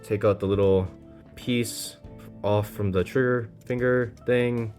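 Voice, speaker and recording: A man casually reviewing a model kit, playful and self-deprecating, with frequent excited exclamations. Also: fairly low pitch, takes it slowly, soft background music. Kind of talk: casual hands-on product review.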